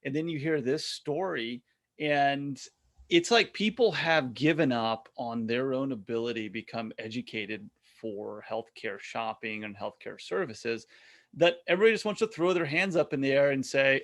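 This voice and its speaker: A man hosting a podcast interview, speaking in a halting way with frequent restarts and "you know.". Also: medium pitch. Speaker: podcast host. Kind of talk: casual interview chat.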